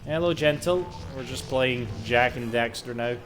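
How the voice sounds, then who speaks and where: A man's voice: mid-range voice, moderate pace, over music. A young man chatting casually while streaming a game, rambling, swearing and laughing often. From Scotland. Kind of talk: casual live-stream chat.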